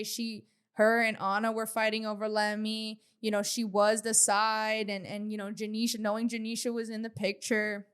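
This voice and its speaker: An opinionated woman co-hosting a gossip podcast, chatting casually about a reality show. Her voice sits a little high, and she swears freely while arguing her side. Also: a bit bright. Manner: opinionated, profane, mimics others mockingly. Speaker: podcast co-host.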